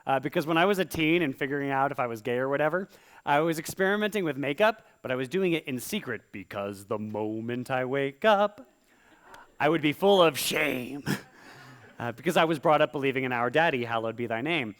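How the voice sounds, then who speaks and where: A performer doing stand-up comedy in rhyme on a live stage, talking in a playful, theatrical way. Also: male voice, medium pitch, expressive, fairly bright tone. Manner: playful, theatrical, quick vocal impressions.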